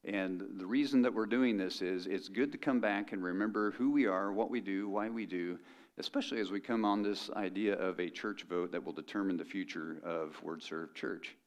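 A man's voice: deep voice, normal speed. A middle-aged man preaching a sermon as pastor, conversational and joking with the congregation.

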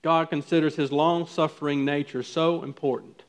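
Fervent preaching man, hushed to loud. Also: on the high side, steady tone, moderate pace. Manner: preaching with swings from hushed to loud, pleading questions. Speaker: pastor. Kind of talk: sermon.

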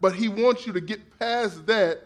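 A man's voice: high-pitched, a little slow. A man preaching a sermon in a conversational, playful way, using slang and acting out quoted voices. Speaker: pastor.

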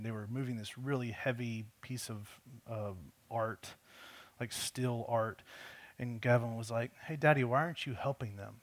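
A man preaching a conversational sermon, telling a personal story earnestly and often repeating words as he restarts his sentences. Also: medium pitch. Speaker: pastor.

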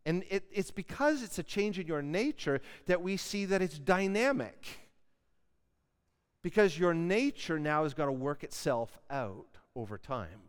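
A pastor delivers his sermon in a fairly high, smooth and resonant voice. He is earnest and leans hard on key words. The sound carries a long reverb, as if from a church sanctuary. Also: sing-song, unhurried.

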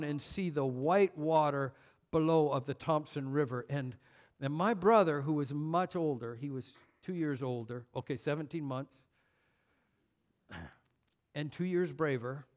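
A man preaching a sermon, telling a personal story and building to emphatic points. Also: a little high. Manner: storytelling, rising to emphatic intensity. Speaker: pastor.

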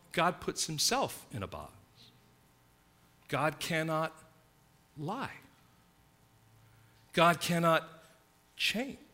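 Guy preaching, really bright ringing voice, punchy then quiet. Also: high voice. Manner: emphatic preaching, swinging between loud stresses and hushed asides. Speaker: pastor. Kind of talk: sermon.

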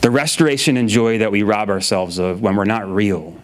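A man's voice: lowish voice, normal speed. A man preaching a sermon in a casual, conversational way, often repeating his phrases and using filler words. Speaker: pastor.

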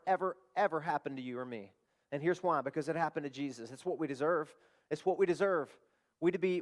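Passionate preaching man, pitch slightly high. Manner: passionate preaching, voice rising on declarations and dropping soft in prayer. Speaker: pastor. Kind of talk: sermon. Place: church service.

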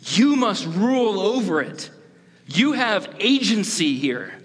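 A man's voice: sits high, big pitch swings, slow, slightly rough, pitched above the performer's own voice, heavily acted. A man voicing God as a fatherly male counselor, pleading urgently with a tempted man. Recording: long hall reverb.

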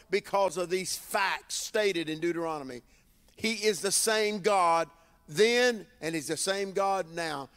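A man preaching as a bishop, with emphatic call-and-response phrasing and drawn-out lines. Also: high-pitched, fairly bright tone, long reverb tail. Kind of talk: sermon. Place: church sanctuary with congregation.

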